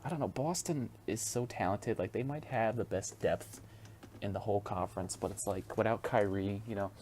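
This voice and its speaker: A man's voice: fairly low pitch, moderate pace, a little mellow, a little hiss or hum. A young man hosting a casual solo podcast, rambling and swearing freely with frequent chuckles. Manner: profane, rambling, chuckles often. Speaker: podcast host.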